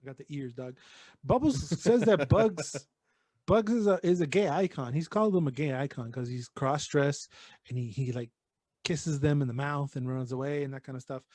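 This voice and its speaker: Speaking at normal speed with a fairly high pitch and a darkish tone, this man co-hosts a podcast, rambling through casual chat. He swears freely and slips in some Spanish slang. The recording is dry, with clean studio sound.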